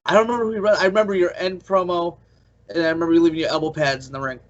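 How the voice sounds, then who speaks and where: A man's voice: a little high, steady tone. A man co-hosting a podcast, eagerly recalling old backstage stories and laughing along. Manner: rapid, eager storyteller who laughs along. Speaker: podcast co-host. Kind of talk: casual chat, recalling stories. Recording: muffled lo-fi recording.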